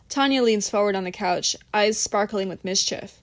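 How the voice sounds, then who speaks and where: A woman's voice: medium pitch, expressive, measured pace, no room sound. A woman reading an audiobook in a playful storytelling manner. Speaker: audiobook narrator. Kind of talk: scripted audiobook narration.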